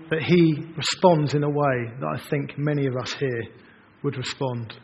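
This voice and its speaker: A man's voice: mid-range voice, normal speed, a little mellow. A man preaching a sermon in an earnest, emphatic way, building his points through repeated phrases. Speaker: pastor. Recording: dull, reverberant hall recording with faint noise.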